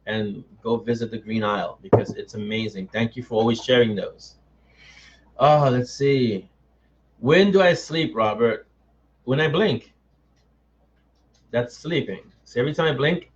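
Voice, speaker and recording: A man's voice: medium pitch, a little hiss or hum. A middle-aged man chats with his live-stream audience, greeting viewers by name and joking at his own expense. His voice sits in a middle register. The sound is a little dull and lo-fi, like a webcam stream. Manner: chatty, answers viewers by name, self-mocking. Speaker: author hosting a live chat. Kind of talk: casual live-stream chat reading comments.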